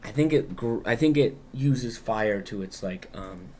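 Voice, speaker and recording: A man's voice: lowish voice, expressive, unhurried, warm tone, slight background noise. Swearing man recapping a story casually. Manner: profane, loose retelling with acted-out quotes. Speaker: podcast co-host.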